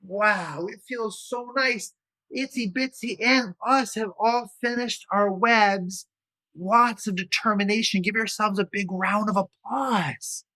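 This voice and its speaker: A man's voice: high-pitched, steady tone, takes it slowly, bright, forceful tone. A man leading a children's yoga storytime, playful and encouraging, with little sound effects along the way. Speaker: kids' yoga instructor.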